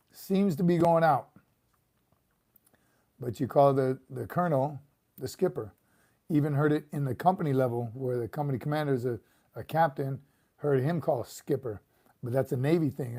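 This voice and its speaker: A man's voice: medium pitch, dark tone. A middle-aged man, a retired sergeant major, casually chatting on a livestream and reading viewer comments, chuckling and repeating words as he goes.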